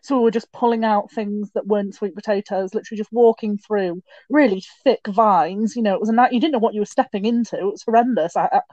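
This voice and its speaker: A young woman telling stories in a casual podcast chat, with quick asides and restarts. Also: mid-range voice, warm tone, no echo, dull audio. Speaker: podcast guest.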